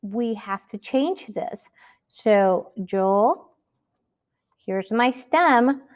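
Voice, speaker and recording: A woman's voice: a little high, lively intonation, very slow. A woman teaching a Spanish lesson, speaking patiently and asking the listener rhetorical questions. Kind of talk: recorded classroom lesson.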